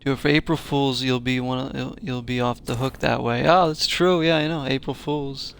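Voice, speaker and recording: A man's voice: medium pitch, steady tone, normal speed, vocal fry, fairly bright tone, smooth. A man hosting a casual let's-play, chatting and joking with viewers and laughing often as he plays. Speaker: gaming channel host.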